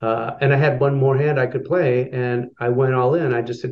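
A man's voice: medium pitch, flat delivery, moderate pace, hardly any pauses, a little mellow, dull audio. A man telling a long personal story as a guest, with lots of fillers and restarts. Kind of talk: storytelling in an interview.

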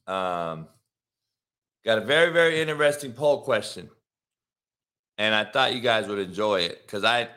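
A man's voice: mid-range voice, bright, forceful tone. A man hosting a casual solo podcast, hyped and slangy, swearing freely. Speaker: podcast host.

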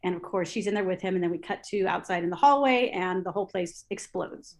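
A woman recounting television production stories in an interview, lively, acting out her own past thoughts aloud with many fillers and restarts. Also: on the low side, quick pace. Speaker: interview guest, TV assistant director. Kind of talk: storytelling in an interview.

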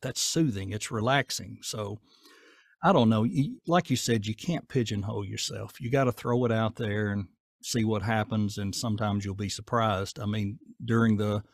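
A man with a Southern accent, talking casually in an interview in a folksy, down-to-earth way with a gruff edge. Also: lowish voice, dry recording, clean studio sound. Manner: folksy, down-to-earth, rambling with fillers. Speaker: voice actor guest.

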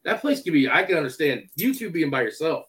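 A man telling a story in a casual chat, animated and acting out the dialogue. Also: a little high, quick pace, poor audio.

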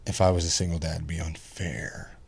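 A man in his thirties chatting casually as a podcast guest, telling family stories animatedly, swearing freely and mimicking squeaky kid voices. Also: little pitch movement, a little fast, vocal fry, darkish tone, husky. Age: 30s. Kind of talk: casual chat.

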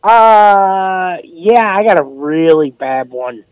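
A man's voice: high-pitched, lively intonation, slow, darkish tone, poor audio. A man co-hosting a podcast from his bed, telling a crude story full of swearing. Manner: profane, mock-outraged. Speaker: podcast co-host. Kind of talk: casual crude chat. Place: in bed, remote from studio.

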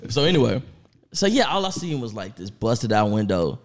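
A man co-hosting a podcast, telling stories in casual chat, laughing often and jumping into high voices for quotes. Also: normal speed, crowd noise. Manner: animated, laughing storyteller who jumps into high voices for quotes. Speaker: podcast co-host.

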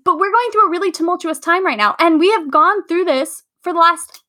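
A woman from California co-hosting a book podcast, telling stories in animated casual chat and acting out the people she quotes. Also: extremely high pitch, a little fast. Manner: animated storytelling, acts out quotes. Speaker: podcast co-host.

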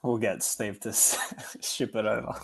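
A man's voice: lowish voice, little pitch movement, moderate pace, creaky, husky. A man hosting a casual football podcast, easygoing and wrapping up the show. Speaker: podcast host.

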